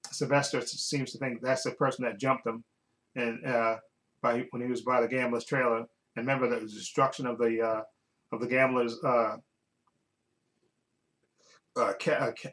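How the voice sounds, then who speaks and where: A man's voice: medium pitch, a bit bright, poor audio. A man casually recapping a TV episode as a reviewer, rambling and often restarting while he searches for words.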